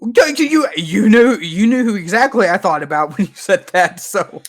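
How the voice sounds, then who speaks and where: A man's voice: high-pitched, lively intonation, moderate pace. A young man co-hosting a podcast, stammering and laughing in exasperation at his friend's story. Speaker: podcast co-host. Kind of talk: casual chat.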